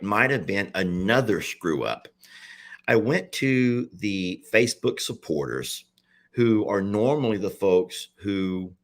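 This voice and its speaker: A man who runs an animal sanctuary, talking through his mistakes in a halting, repetitive, confessional way, close to tears. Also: lowish voice, a bit bright. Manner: halting, repeats himself, confessional. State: near tears. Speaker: animal sanctuary owner and page host. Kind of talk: emotional personal vlog.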